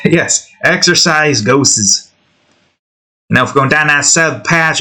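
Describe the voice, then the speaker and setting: A man talks slowly and loosely while he works on a drawing, rambling and musing to himself. His tone is bright and a little sharp, and his thoughts often trail off halfway. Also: fairly high pitch. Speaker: channel host drawing on stream.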